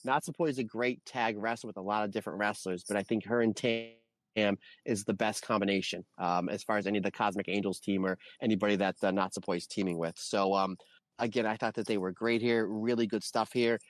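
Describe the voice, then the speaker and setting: A man's voice: on the low side, fairly quick, no room sound. Dry-sounding man reviewing wrestling. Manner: rambling, animated, lists names. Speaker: podcast co-host. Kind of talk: casual wrestling review chat.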